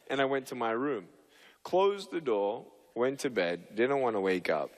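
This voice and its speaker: A man's voice: mid-range voice, expressive, moderate pace. A man giving a motivational talk on stage, telling a story animatedly and acting out the dialogue. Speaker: motivational speaker. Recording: reverberant hall.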